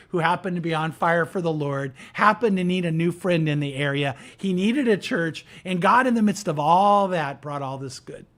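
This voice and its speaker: A male pastor, preaching a conversational storytelling sermon and lifting his voice when quoting people. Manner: conversational, animated, raises pitch for quoted characters.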